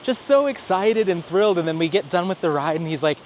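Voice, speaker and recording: A man talks while out on a stroll, his voice sitting a bit higher than most men's. His storytelling rambles and chats along, and he slips into quoted lines as he goes. Faint outdoor traffic murmurs behind him. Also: fast. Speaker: vlogger. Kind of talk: casual vlog on a stroll. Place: outdoors, walking.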